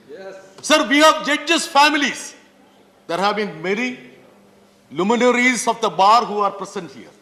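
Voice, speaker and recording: Indian-accented male legislator, high and bright voice, emphatic parliamentary address in a reverberant chamber. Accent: Indian English. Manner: emphatic, repeatedly addressing the chair as sir. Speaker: member of parliament. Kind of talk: parliamentary speech. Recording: long reverb of a large hall.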